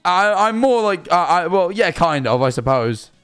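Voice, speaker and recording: A man's voice: sits high, big pitch swings, normal speed, fairly bright tone, clean tone, soft background music. A young man from England hosting a casual live stream, answering viewer calls with rambling, stammering chat and casual swearing.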